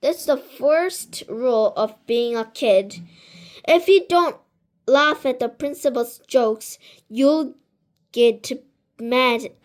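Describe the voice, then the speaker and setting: Slow, high-voiced storybook reader. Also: female voice. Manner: halting, with slips and restarts. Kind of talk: reading a children's book aloud.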